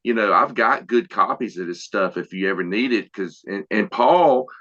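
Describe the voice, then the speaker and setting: A man with a lowish, bright-edged voice tells a story in a relaxed, halting way, with fillers. The sound is dull and lo-fi. It is a casual chat. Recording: dull lo-fi mic.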